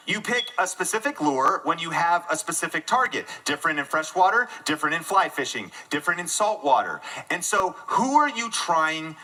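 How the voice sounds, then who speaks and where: A man giving an energetic live keynote talk to an audience in a room, joking at his own expense. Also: high voice, moderate pace, hardly any pauses, poor audio. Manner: energetic and self-deprecating, jokes with the audience. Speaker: conference speaker.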